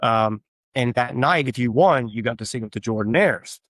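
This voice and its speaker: A man's voice: medium pitch, normal speed, a bit bright, no echo, studio quality. A man being interviewed, telling rambling stories with lots of fillers. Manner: rambling anecdotal storytelling with frequent fillers. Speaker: guest, tribute artist for a famous singer. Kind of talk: casual interview chat.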